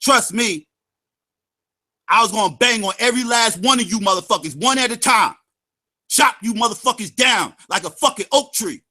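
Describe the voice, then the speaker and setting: A man hosting a livestream, ranting angrily and profanely at his critics, shouting and taunting in a sing-song way and repeating his lines for emphasis. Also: high-pitched, animated, moderate pace. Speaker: livestream host. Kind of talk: angry profane rant.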